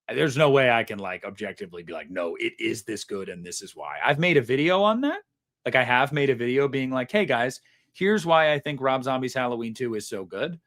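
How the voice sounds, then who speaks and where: A man in the middle pitch range chats casually as he hosts a live stream, reading viewer messages aloud and reacting to them. His talk rambles along, loose and slangy, with plenty of fillers and restarts. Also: fairly bright tone. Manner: chatty, laid-back, lots of fillers and slang. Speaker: livestream host reading super chats.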